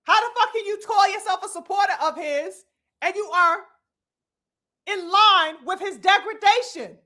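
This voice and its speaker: A woman with a high, bright, ringing voice delivers a heated live commentary. She lectures like a preacher, stressing long words, swearing freely and calling her audience brothers and sisters. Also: moderate pace. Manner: preachy, emphatic, profane, addresses "brothers and sisters". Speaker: commentary host.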